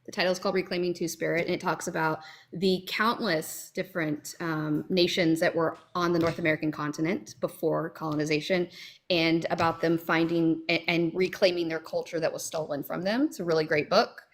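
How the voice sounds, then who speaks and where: Lowish woman, hesitant guest. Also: fairly even intonation, brisk. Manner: hesitant, many ums, earnest. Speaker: guest on a stream. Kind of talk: casual chat.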